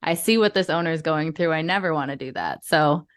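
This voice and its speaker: A woman's voice: low-pitched, fairly quick. A woman hosting a podcast, talking with a guest in a friendly, reflective way. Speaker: podcast host. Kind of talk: casual interview conversation.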